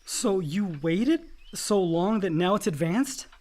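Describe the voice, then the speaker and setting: A man's voice: high-pitched, expressive, takes it slowly, darkish tone. An actor playing Chip, a grown son who is anguished and lonely, his voice raw and breaking in a radio drama.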